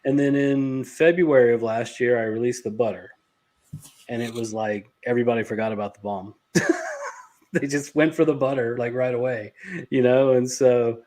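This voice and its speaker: A man guesting on a casual podcast, his voice sitting at an ordinary middle pitch. He talks about his business in a loose, rambling way and laughs easily as he goes. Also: steady tone, moderate pace, a little mellow. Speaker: podcast guest, beard care company owner.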